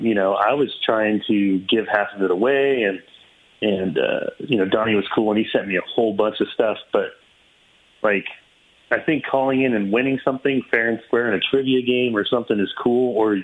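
A man's voice: on the low side, normal speed, breathy edge. A laid-back man chatting casually, rambling with many fillers. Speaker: roundtable guest. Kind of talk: casual chat. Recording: tinny phone-line sound.

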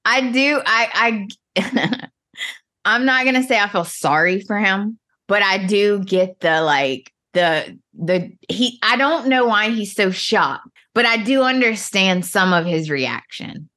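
A woman co-hosting a podcast, recapping a soap opera in casual chat, sassy and animated, often laughing. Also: medium pitch, slow. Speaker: podcast co-host.

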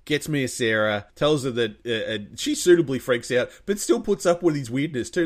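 A man talking casually on a podcast, retelling a film scene by scene. He rambles with restarts and throws in quick acted-out lines from the characters. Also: medium pitch, animated. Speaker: podcast co-host recapping a film. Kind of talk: casual chat.

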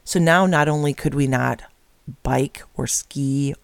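A woman's voice: a bass voice, measured pace, gravelly, no room sound. A middle-aged woman earnestly telling a personal story, acting out the dialogue as she goes. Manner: earnest, emotional, with quoted dialogue. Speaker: speaker telling her story.

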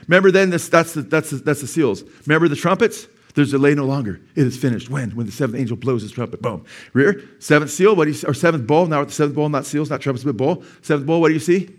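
A middle-aged male pastor delivers a sermon in a church sanctuary. His voice sits a little high, and he swings from quiet asides up to loud, emphatic peaks, often tossing questions back at the congregation. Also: quick pace, hardly any pauses.

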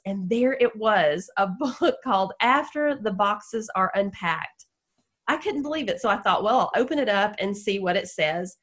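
A middle-aged woman from Georgia, a guest on a podcast, telling her story in an emotional, animated way. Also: a little high. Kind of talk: podcast interview.

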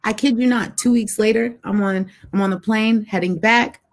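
A woman's voice: mid-range voice, fairly even intonation, normal speed. A woman guest telling a personal story with animation, acting out voices and dialogue as she goes.

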